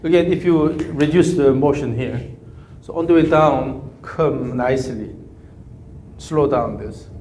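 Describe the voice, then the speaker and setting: A man coaching a golf swing, giving calm, repetitive cues and humming through counts. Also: mid-range voice, a little slow, hardly any pauses, a little hiss or hum. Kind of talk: live coaching session. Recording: echoey room with faint ambience.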